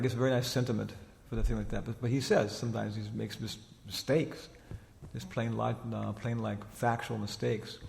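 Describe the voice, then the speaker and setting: A man's voice: mid-range voice, creaky. A man giving an informal religious lecture in a chatty, rambling storytelling manner, with frequent filler phrases. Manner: chatty and rambling, many "you know" fillers, laughs while retelling. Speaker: spiritual teacher giving a lecture. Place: lecture hall in Dallas. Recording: long hall reverb.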